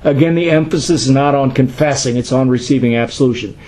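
A man's voice: mid-range voice, quick pace, darkish tone, low-quality recording. A middle-aged man, a pastor, teaching a class in a conversational way, asking questions and answering them himself.

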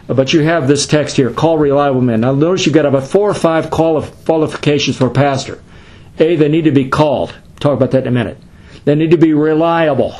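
Man, middle-aged pastor, husky voice, chatty classroom teaching, explains with asides. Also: mid-range voice, a little mellow. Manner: conversational, explanatory, with fillers and asides. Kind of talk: classroom Bible study teaching.

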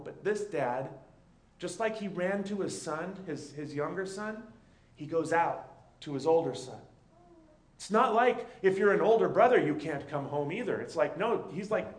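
A man's voice: high-pitched, animated, moderate pace, echoey room. A male pastor delivering a conversational sermon and often checking in with his listeners.

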